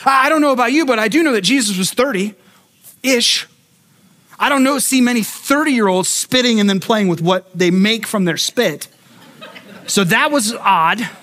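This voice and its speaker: A man pastor preaching a sermon, telling a story with lively acted-out voices and frequent restarts. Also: extremely high pitch, normal speed. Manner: animated storytelling, acting out voices; repeats words when starting thoughts.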